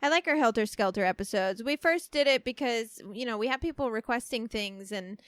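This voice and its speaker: A woman co-hosting a podcast in casual chat, animated and swearing freely with frequent laughs. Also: a little high, brisk, no echo, clean studio sound. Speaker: podcast co-host.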